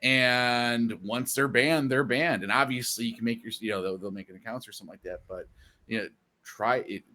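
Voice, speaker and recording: A man chatting casually on a streamer panel, animated and quick to act out what others say. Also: mid-range voice. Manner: animated, acts out quotes in silly voices.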